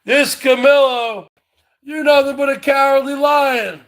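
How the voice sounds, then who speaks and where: A man doing a comic impression of a brash loudmouth who taunts a rival over and over in shouty bursts. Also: extremely high pitch, steady tone, a little slow, full character voice. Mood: taunting. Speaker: parody comedian. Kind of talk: comedic impression rant.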